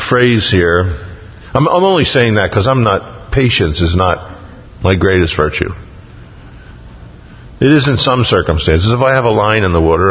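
A man's voice: low-pitched, in a large hall, highs cut off. A man preaching a sermon, reading scripture with rising emphasis and dropping folksy asides between verses. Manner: slow, reads scripture aloud with rising emphasis. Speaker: pastor.

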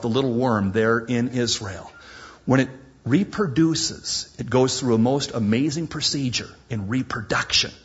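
A man preaching a sermon with dramatic emphasis, slowing down and dropping to a near whisper on key words. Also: medium pitch, breathy edge, dull audio.

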